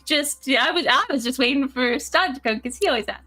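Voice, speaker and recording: A woman's voice: high-pitched, brisk, music in the background. A woman co-hosting a game stream, recapping the story in a giggly, rambling, playful way. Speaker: co-host of a gaming stream. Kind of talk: casual chat recapping a game.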